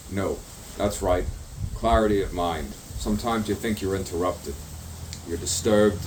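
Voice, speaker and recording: Slow, distant man musing in rhymes. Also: fairly low pitch. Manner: rambling, rhyming wordplay, repeats words over and over. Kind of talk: improvised stream-of-consciousness monologue. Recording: distant mic with faint background noise.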